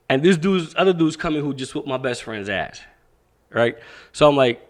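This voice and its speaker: A man with a mid-range voice tells stories as a podcast guest, his pitch swinging widely as he goes. He talks in a loose, profane, animated way. He often slips into the voices of the people in his story. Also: moderate pace. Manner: animated, profane, acts out quoted speech. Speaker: podcast guest, boxing coach. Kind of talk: casual interview storytelling.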